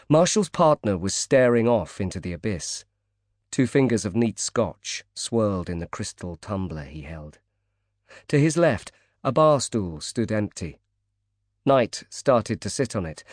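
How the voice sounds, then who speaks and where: A man narrating a thriller audiobook in a measured, even reading. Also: lowish voice, no room sound, studio quality. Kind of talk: scripted narration.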